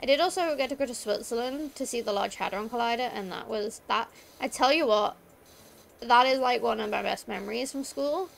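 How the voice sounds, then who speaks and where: Rambling through school stories in a chatty way, a young British woman talks casually as she streams a game, filling her speech with "like." She speaks fairly quickly in a higher, creaky, fairly bright voice, and there's slight background noise.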